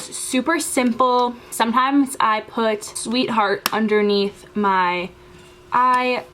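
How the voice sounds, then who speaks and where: A young woman walks through her everyday makeup routine in a relaxed, chatty voice-over. She scatters fillers through her steps. Her voice sits a touch high, and faint noise hums behind her. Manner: chatty, step-by-step, with frequent "like". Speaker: beauty vlogger.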